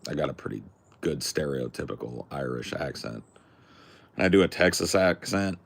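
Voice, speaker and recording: A man's voice: very deep voice, expressive, normal speed, husky. A man hosting a podcast, ranting casually in a crude, sardonic, profane way. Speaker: podcast host. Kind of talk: casual comedic rant.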